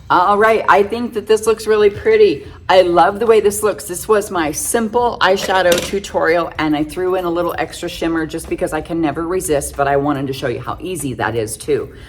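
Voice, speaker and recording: A woman's voice: lowish voice, moderate pace, slight background noise. A middle-aged woman chatting through a casual makeup tutorial, full of self-joking, giggly asides. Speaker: makeup vlogger.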